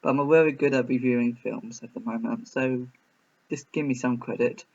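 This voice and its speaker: A man's voice: mid-range voice, fairly even intonation, moderate pace, a little mellow. A man reviewing a film in a casual reaction video, rambling and hesitant with many restarts. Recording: slightly muffled.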